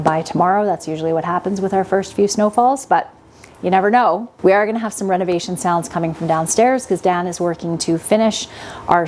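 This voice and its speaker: A woman hosting her own homesteading kitchen vlog, chatty and quick to laugh, recorded in her home kitchen. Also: on the low side, darkish tone. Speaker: homesteading channel host. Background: faint compressor and power tools.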